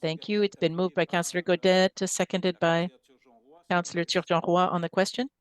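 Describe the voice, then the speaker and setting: A mayor chairing a city council meeting with brisk procedural calls for motions and votes. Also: mid-range voice, level tone, clear, resonant tone, no echo.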